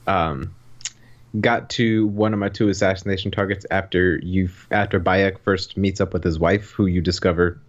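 A man's voice: low voice, fairly even intonation, moderate pace, muffled recording. A man co-hosting a casual video game podcast, rambling through his thoughts with lots of fillers and the odd swear. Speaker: podcast co-host. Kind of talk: casual chat.

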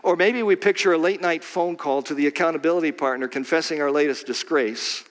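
A man delivering a sermon with a somewhat high voice that rings through a large reverberant hall. He drops to a low hush, then slows into deliberate, emphatic phrases. At times he rises to a loud cry. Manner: dramatic swings from low hush to shouting, slow emphatic phrasing. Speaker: preacher.

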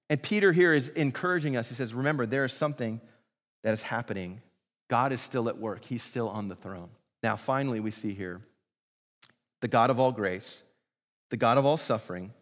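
A man preaching a sermon as pastor, earnest and building to fervent praise. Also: medium pitch. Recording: long hall reverb.

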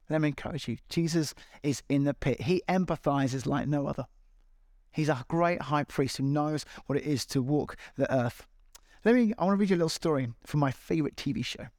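A man's voice: fairly high pitch, darkish tone, dry recording, studio quality. A man preaching a sermon to a large congregation, earnest and encouraging, with repeated appeals. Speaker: pastor. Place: large church hall.

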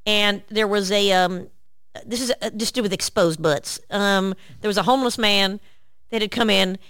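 A woman's voice: medium pitch, steady tone, moderate pace, a bit bright, smooth, no echo, clean studio sound. A woman hosting a casual comedic chat, brash and joking as she tells graphic stories. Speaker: host.

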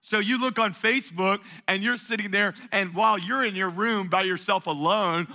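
A male pastor delivering an energetic sermon in a church, calling on the congregation to answer back. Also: high voice, moderate pace. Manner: call-and-response preaching, energetic and emphatic.

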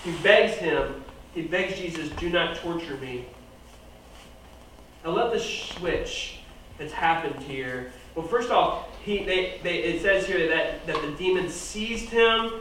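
A man preaching a sermon, animated, swinging his volume up and down for emphasis. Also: high-pitched, slow, a little hiss or hum. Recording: very echoey room, voice from far off.

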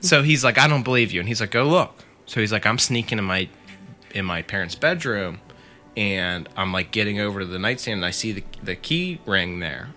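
A podcast co-host with a fairly low, crisp, forceful voice tells friends a long story, expressive and fairly quick. His loose, chatty retelling leans on "like" and "he said," with faint music underneath.

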